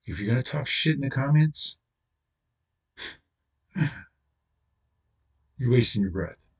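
A man's voice: mid-range voice, lively intonation, slow, husky, far from the mic. A man hosting his own channel, delivering an angry, profane solo rant with blunt, confrontational talk. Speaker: channel host.

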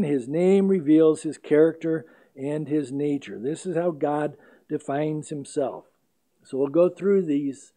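Pastor guy preaching, kinda high voice, soft mellow tone, slows way down on the verses. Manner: emphatic, slows down to stress scripture readings. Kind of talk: expository sermon.

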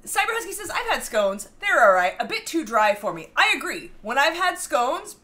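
A woman's voice: on the high side, very animated, normal speed, sharp tone. A woman co-hosting a home baking livestream, reading viewer comments aloud and laughing often as she chats. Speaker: cooking show co-host. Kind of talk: casual livestream chat.

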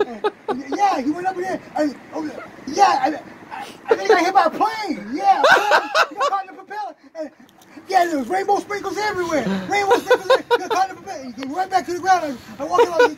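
A man's voice: very high-pitched, expressive, fast talker, a loud crowd, rough recording. A man in his fifties telling crude jokes and stories in casual talk, profane and laughing at his own punchlines. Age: 50s. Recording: loud wind and boat engine noise.

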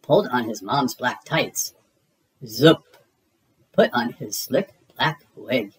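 A reader narrating children's picture books aloud in a lively storybook manner. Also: medium pitch, poor audio. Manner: slow, lively storybook reading.

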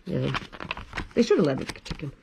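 Children's librarian, woman, forties: storytime reader, animated, chatty with kids. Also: deep voice, moderate pace, creaky, a little hiss or hum. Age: 40s. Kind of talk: reading a picture book aloud to children.

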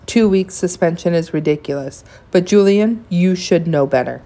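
A woman's voice: fairly low pitch, moderate pace, mellow, lightly acted. A woman reading aloud, voicing a middle-aged father who scolds his son firmly in a raised voice. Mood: stern. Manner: firm, scolding.

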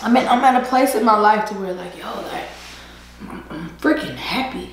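A woman's voice: medium pitch, animated, moderate pace, roomy sound, a little hiss or hum. A woman vlogger talking earnestly to camera between bites, preachy and full of slang, breaking into laughter. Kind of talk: casual heartfelt monologue while eating. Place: indoors at home, eating a seafood boil.

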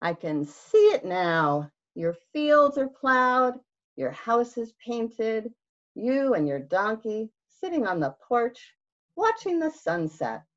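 A woman voicing a sly, fast-talking male fox salesman with a wheedling pitch, in a storybook reading. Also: sing-song. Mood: sly salesy. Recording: dull lo-fi recording.

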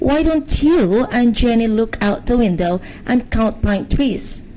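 A woman voicing a patient, kindly mother in a bedtime storybook, in a gentle, soothing voice. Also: a little high, lively intonation, unhurried, slight background noise, poor audio.

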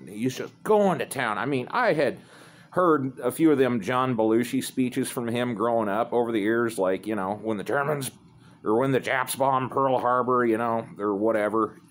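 A man's voice: medium pitch, normal speed. A man telling a rambling, profane story in a laid-back, casual way.

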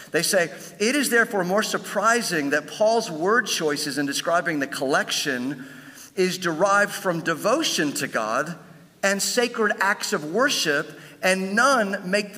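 A man preaching a sermon as pastor, building to emphatic peaks and dropping low for asides. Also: in a large hall. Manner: emphatic preaching, swells louder on key lines, drops low for asides.

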